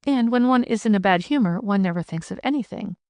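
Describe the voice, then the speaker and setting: A woman reading the part of a kind, practical young peasant girl in an audiobook, speaking briskly and teasing gently. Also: medium pitch, animated, dry recording, natural voice.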